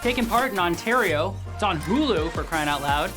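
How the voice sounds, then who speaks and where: A man hosting a casual episode recap, talking in an energetic, chatty way with swearing and many filler sounds. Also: high voice, moderate pace, over music. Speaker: show host reviewing an episode.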